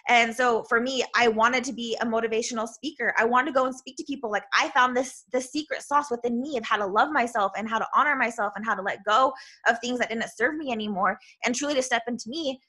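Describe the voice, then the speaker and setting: A woman coaching self-love delivers a motivational podcast talk in a loud, bubbly way. Her voice is bright and a little high, her tone earnest and encouraging throughout, and she keeps adding a quick "right?" for her listeners.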